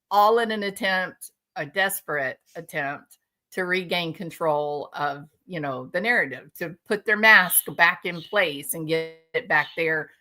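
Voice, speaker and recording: Female stream guest, slow, bright and sharp tone, heated scornful rant. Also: lowish voice. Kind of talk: live-stream commentary.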